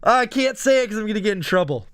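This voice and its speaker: A brash young man runs a live sports talk stream, rambling and joking as he reads the chat. His voice sits a little high and swings widely up and down. He is recorded close and dry, with no room sound. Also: lively intonation, quick pace, fairly bright tone, clear, resonant tone, no room sound. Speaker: sports talk show host.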